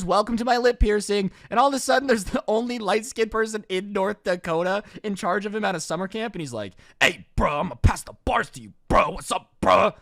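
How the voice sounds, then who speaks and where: Young male storyteller, casual and sarcastic, high animated voice, dry close sound. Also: no room sound. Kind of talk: comedic storytime monologue.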